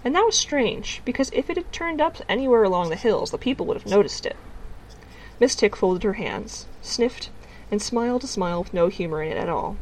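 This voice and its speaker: A woman reads a storybook chapter aloud in an even, measured manner. Her voice sits at a middle pitch. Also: slight background noise, rough recording. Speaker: audiobook reader. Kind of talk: storybook narration.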